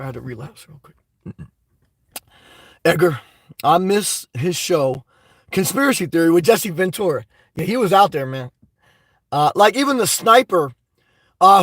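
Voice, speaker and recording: A man hosting a live stream, reading viewer chat and ranting excitedly with lots of cursing and rambling fillers. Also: sits high, dry recording, low-quality recording.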